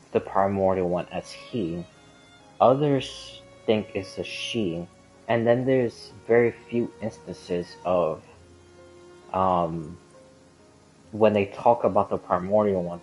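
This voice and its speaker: A man with a very low voice works through his ideas slowly, stopping and restarting as he goes. He talks in a loose, casual way with plenty of "like" and "um", and soft game music plays underneath. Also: poor audio. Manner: rambling, hesitant, many fillers and restarts. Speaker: gaming lore commentator. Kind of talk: casual explanatory monologue.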